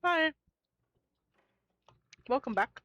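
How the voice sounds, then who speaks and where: A woman's voice: sits high, lively intonation, very slow, a bit bright, no room sound, muffled recording. A young woman streamer chatting casually while she plays a cozy game with a friend. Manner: chatty, playful, talks to a co-host and chat. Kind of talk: casual gameplay commentary.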